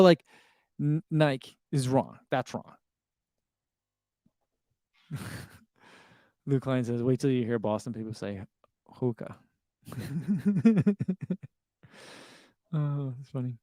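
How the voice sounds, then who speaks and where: A man's voice: mid-range voice, darkish tone, no room sound, studio quality. A middle-aged man hosting a running livestream, chatting casually and reading viewer comments aloud with easy laughs. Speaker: running channel host reading live chat.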